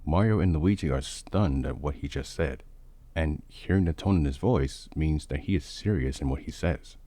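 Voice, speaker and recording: A man giving steady, matter-of-fact scripted narration of a fan-made story. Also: extremely low pitch, normal speed, dry recording.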